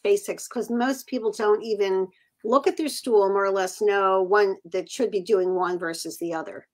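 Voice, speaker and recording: A woman's voice: medium pitch, steady tone, moderate pace, a little mellow. A woman hosting an interview podcast, asking questions and giving short affirmations. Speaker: podcast host.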